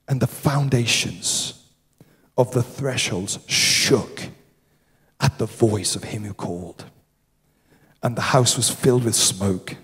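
A man preaching a sermon, stressing his points by repeating words, sometimes dropping to a hushed, solemn tone. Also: mid-range voice, slow pace, pauses often. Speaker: pastor. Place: church hall. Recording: long hall reverb.

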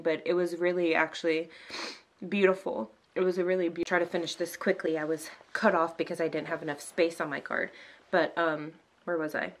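A young woman chats to her camera in a casual vlog, teary and emotional, her speech full of "like" and "um" fillers. Her voice sits a little low for a woman. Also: fairly even intonation, normal speed. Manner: emotional, near tears, many "like" and "um" fillers. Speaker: vlogger, new mother.

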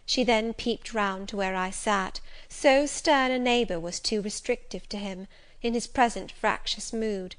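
A woman narrating a classic novel as an audiobook, measured and unhurried. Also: mid-range voice. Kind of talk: scripted narration.

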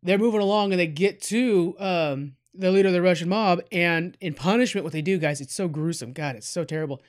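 A podcast host talks through a movie in a relaxed, meandering way, with plenty of fillers and asides. His voice sits noticeably high for a man. It sounds like easygoing talk among fans, not a scripted read. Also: a little fast. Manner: rambling, chatty, many fillers, addresses listeners as guys. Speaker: podcast host reviewing a film. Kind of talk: casual spoken film review.

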